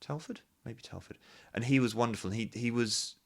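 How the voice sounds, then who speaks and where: A man's voice: mid-range voice, normal speed. A man, a pantomime actor, chatting as a guest in an interview and thinking aloud with many restarts. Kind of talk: casual interview chat.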